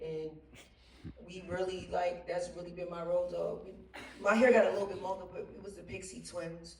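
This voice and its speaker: A woman on a panel telling a lively, slangy anecdote, laughing often and mimicking others' voices. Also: fairly low pitch, normal speed, vocal fry. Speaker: actress on a panel. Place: stage at a theater Q&A. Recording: roomy hall, distant mic, faint noise.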